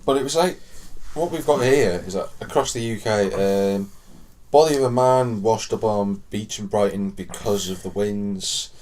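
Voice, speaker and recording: A man co-hosting a podcast, chatting casually with an animated, jokey, rambling delivery. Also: lowish voice, moderate pace. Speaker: podcast co-host. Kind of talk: casual chat.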